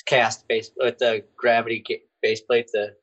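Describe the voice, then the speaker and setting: A man's voice: medium pitch, flat delivery, a little slow, fairly bright tone, muffled recording. A man guesting on a podcast in casual chat, loose and profane, often laughing as he talks.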